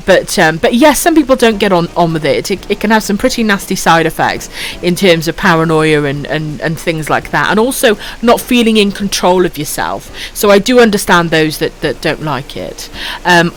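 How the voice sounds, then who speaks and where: Foul-mouthed Welsh woman with lively pitch. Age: 30s. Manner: foul-mouthed, affectionate, reads chat aloud, giggly. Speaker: streamer. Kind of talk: casual late-night stream chat.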